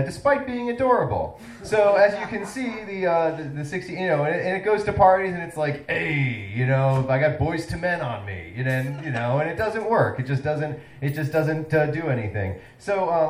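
A man hosting a comedy show as a mock town-meeting presentation, talking in a halting way full of fillers. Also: on the high side, reverberant, recorded from a distance, a little hiss or hum, poor audio. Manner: halting, filler-heavy delivery, breaking into laughter.

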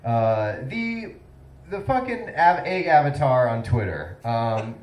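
Halting comedy host in an echoey room. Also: male voice, medium pitch, very animated, recorded from a distance, highs cut off. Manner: halting, filler-heavy delivery, breaking into laughter. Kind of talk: mock town-meeting presentation.

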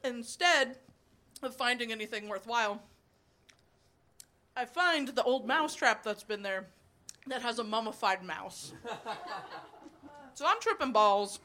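A woman's voice: on the high side, animated, measured pace, pauses often, bright, forceful tone, a little hiss or hum. A woman in her twenties performing a stand-up comedy set, telling blunt, profane stories, chuckling between lines and rambling with fillers when she loses her place.

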